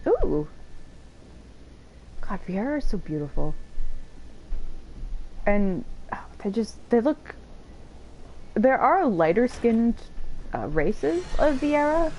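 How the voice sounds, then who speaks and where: A woman's voice: lowish voice, mellow, slight background noise, rough recording. A woman giving casual let's-play commentary, chatty, swearing casually and laughing often. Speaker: game streamer. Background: faint game music.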